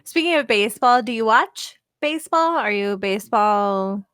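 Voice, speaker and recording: A woman's voice: on the high side, animated, normal speed, a bit bright, no room sound, studio quality. A woman in her thirties co-hosting a live stream, chatting casually in a rambling way with frequent laughs. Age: 30s. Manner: chatty, rambling, laughs often, many fillers. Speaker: co-host.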